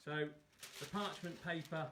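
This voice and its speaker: A man's voice: on the high side, fairly even intonation, unhurried, very noisy. A man hosting a live cook-along, chatting casually and poking fun at himself as he talks viewers through each step. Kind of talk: casual live cooking demo.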